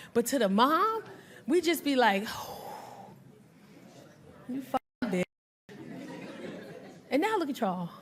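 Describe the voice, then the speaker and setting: A woman doing stand-up comedy on a club stage, brash and animated, acting out voices and working the crowd. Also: high voice. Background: audience laughter.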